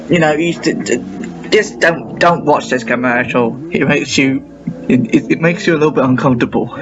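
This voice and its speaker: A man hosting a casual reaction video. He rambles, repeats himself and restarts halting sentences, and his voice sounds a little off today. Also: a little high, expressive. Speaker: reaction channel host. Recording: dull lo-fi with faint noise.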